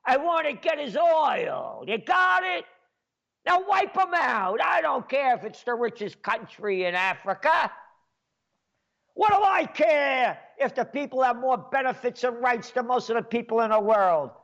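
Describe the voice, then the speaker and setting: A man doing a greedy mob boss, barking orders, high and lively, lo-fi. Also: a little slow, creaky, full character voice. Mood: demanding. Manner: barking and demanding. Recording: dull lo-fi sound.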